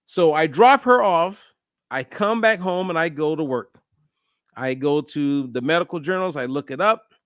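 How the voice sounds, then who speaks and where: This is a fairly high-pitched middle-aged man hosting a casual monologue at normal speed. As an animated storyteller, he acts out the dialogue, captured in a dry, studio-quality recording.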